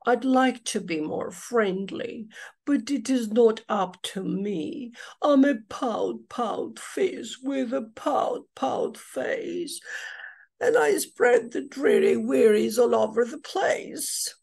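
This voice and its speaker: A woman voicing a gloomy, sulky male fish in a storybook, chanting his rhyme slowly and a little louder and higher. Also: lively intonation, vocal fry, husky, full character voice. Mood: glum chant. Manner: slow rhyming chant, louder and drawn out.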